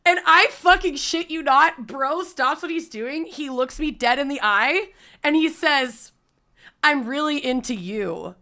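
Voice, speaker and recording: A woman streamer casually telling a story to her chat, animated and swearing freely. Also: high voice, measured pace. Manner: animated, swears freely, breaks into loud laughs.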